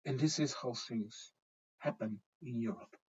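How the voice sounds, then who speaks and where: A man's voice: medium pitch, a little slow, darkish tone, slight background noise. A middle-aged man from Portugal with a Portuguese accent, blunt and swearing freely as he gives his opinions in a casual vlog monologue, often checking in with "okay?". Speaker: vlogger. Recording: dull lo-fi recording.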